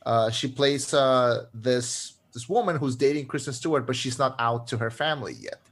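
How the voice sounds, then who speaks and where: A man's voice: mid-range voice, moderate pace, fairly bright tone. A man co-hosting a podcast, chatting casually about a film, rambling with restarts and frequent laughs. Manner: rambling, many restarts and fillers, laughs often. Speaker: podcast co-host. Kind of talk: casual film review chat.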